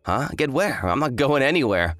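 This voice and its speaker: A man's voice: mid-range voice, very animated, moderate pace, fairly bright tone, no room sound. A man voicing an arrogant, hungover young fiancé who talks in a smug, dismissive drawl. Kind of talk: dramatized story voice acting.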